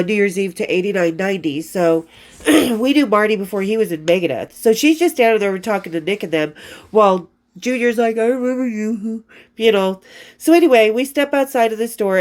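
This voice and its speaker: With a mid-range, darkish voice, a fifty-something woman shares entries from her old diary alongside rock stories. Her storytelling is rambling and foul-mouthed, and she keeps losing her place and beginning again.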